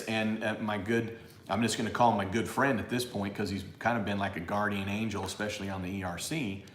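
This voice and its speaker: A man's voice: fairly low pitch, fairly bright tone, reverberant, a little hiss or hum. A man hosting a live tax Q&A who gets fired up and exasperated, mocking the callers he imagines. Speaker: tax educator on a live show.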